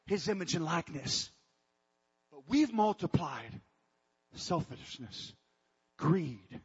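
High-voiced, husky male preacher. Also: in a large hall, dull audio. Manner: emphatic, with repeated restarts and calls to the congregation. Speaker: pastor. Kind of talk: sermon.

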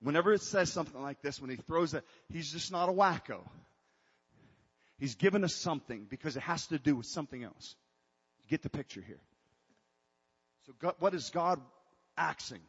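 A male pastor preaching a sermon with call-and-response, rising to shouts. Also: on the high side, animated, moderate pace, pauses often, husky. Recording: reverberant hall, dull lo-fi sound.

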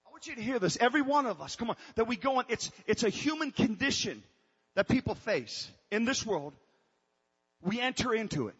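A man's voice: very high-pitched, expressive, normal speed, fairly bright tone, breathy edge, long reverb tail, lo-fi sound. A man preaching a sermon to his congregation in an emphatic way, breaking off and restarting as he calls out to them. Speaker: pastor.

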